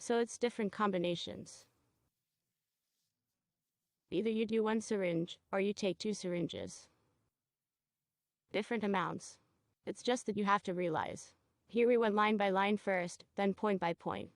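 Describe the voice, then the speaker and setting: A woman teaching a cosmetology procedure, guiding a student step by step and checking in with quick questions. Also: mid-range voice, no room sound, clean studio sound. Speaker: cosmetology instructor. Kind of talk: hands-on training demonstration.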